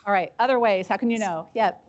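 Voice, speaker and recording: A woman's voice: mid-range voice, fast talker. A woman giving a conference breakout talk, chatty and anecdotal, often checking in with "right?" and "um". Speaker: conference presenter. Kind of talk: conference talk with audience discussion. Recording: dull lo-fi conference recording.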